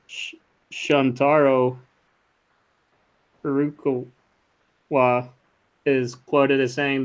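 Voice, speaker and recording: A man's voice: mid-range voice, smooth. A man co-hosting a casual tech podcast, reading news items aloud in a profane, offhand way.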